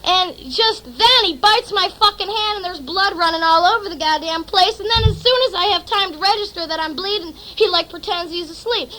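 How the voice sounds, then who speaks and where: A woman performing a profane, sardonic spoken word monologue on a small club stage, sometimes shouting. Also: very high-pitched, lively intonation, a little fast, hardly any pauses.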